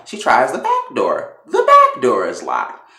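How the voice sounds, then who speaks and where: A man casually recapping a TV episode, telling it in an animated, profane way. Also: medium pitch, unhurried, gravelly. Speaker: TV show reviewer. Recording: echoey room.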